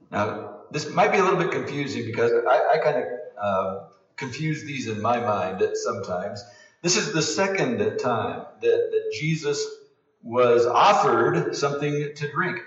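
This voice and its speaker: A man preaching a sermon as pastor, earnest, rising for emphasis and dropping to hushed low passages. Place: church sanctuary. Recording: roomy, distant, dull sound.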